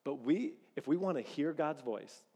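A man preaching a sermon as pastor, telling lively stories and acting out bits of dialogue. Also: on the high side, normal speed, slightly rough, in a large hall. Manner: animated storytelling, acts out quoted dialogue.

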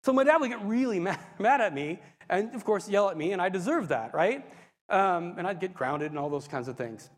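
Picture a male preacher telling his own story with real animation, his pitch riding high and swinging all over. He talks to the congregation with frequent asides. The sound carries the long reverb of a big hall. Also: animated, fairly quick. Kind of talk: sermon testimony storytelling.

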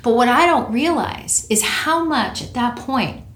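A woman speaking as a practitioner in a conversational interview, earnest and reflective, and lively when she tells a story. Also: fairly high pitch, a little slow. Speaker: network care practitioner, guest. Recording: roomy echo.

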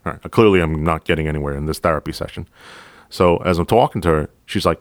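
A man, a police officer hosting a podcast, telling a work story in a calm, casual, profane, deadpan way. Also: deep voice, quick pace, no echo, studio quality.

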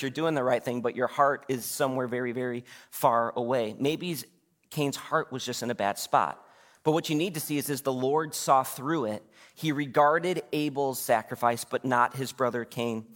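A man's voice: mid-range voice, moderate pace, a bit bright. A man in his thirties preaching a sermon in a church, talking conversationally and asking the congregation questions. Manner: conversational, asks the congregation questions, acts out quotes. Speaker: pastor. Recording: long hall reverb.

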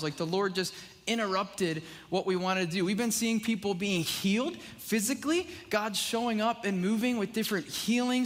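A man's voice: sits high, a bit bright. A man preaching a casual sermon in a church, talking conversationally with many "like"s and "right?"s. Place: church sanctuary. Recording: long reverb of a church hall.

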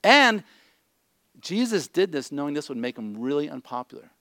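A man's voice: a little high, big pitch swings, moderate pace, sharp tone, no echo, studio quality. A middle-aged man preaching a conversational sermon, blunt and joking, often checking in with his listeners. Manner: blunt, joking asides, repeats "okay?". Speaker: pastor.

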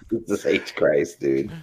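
A man's voice: deep voice, very noisy. A man chatting casually with friends on a podcast while playing a card game, laughing constantly and swearing. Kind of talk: casual chat among friends.

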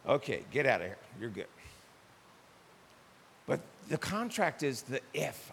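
A man's voice: medium pitch, very animated, moderate pace, a bit bright. An older man preaching a sermon as pastor, animatedly acting out little dialogues in shifting voices. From United States. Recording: long hall reverb with faint hiss.

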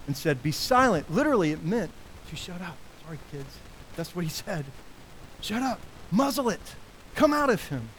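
A man preaching a sermon as pastor, animated, his voice rising high when he quotes cries of woe. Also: a little hiss or hum, poor audio.

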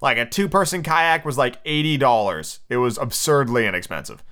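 A man's voice: medium pitch, lively intonation, moderate pace, a bit bright. A drunk, tired man hosting a solo podcast, rambling and swearing casually between book readings. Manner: rambling, profane, full of fillers. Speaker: podcast host.

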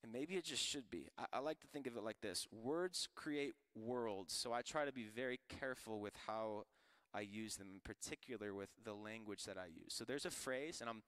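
Man from florida, pastor giving a sermon, bright forceful voice, dry close sound, casual and jokey. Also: mid-range voice, fairly quick, clean tone, no room sound. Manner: casual, joking, animated preaching with slang.

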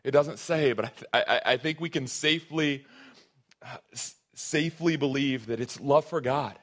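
Earnest male pastor preaching conversationally. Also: fairly high pitch. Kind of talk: sermon.

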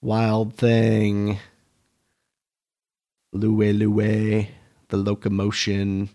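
A man's voice: on the low side, completely flat delivery, very slow, warm tone. A man in his thirties co-hosting a podcast, laid-back and dry in casual chat, chuckling often. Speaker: podcast co-host.

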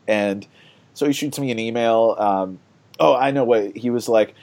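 A man's voice: mid-range voice, normal speed, mellow. A man hosting a board game podcast, chatting casually and rambling with many fillers and laughs.

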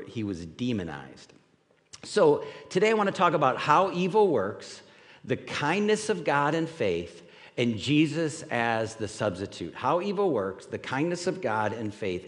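A man preaching a conversational sermon as a pastor, reading scripture and telling stories with frequent "right?" asides. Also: medium pitch. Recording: reverberant hall.

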